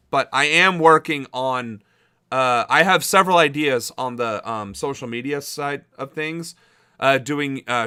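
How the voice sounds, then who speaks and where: A man's voice: a little high, bright, forceful tone, clear, resonant tone, no room sound, clean studio sound. A young man hosting a political livestream, chatting casually and rambling with lots of fillers. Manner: chatty, rambling, laughs easily, many fillers. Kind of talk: casual live-stream chat reading chat messages.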